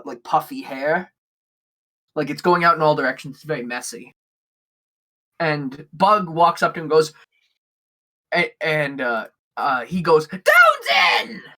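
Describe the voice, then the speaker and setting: A man's voice: a little high, fairly bright tone. A man narrating a tabletop game as game master, describing the scene in a rambling way with many fillers.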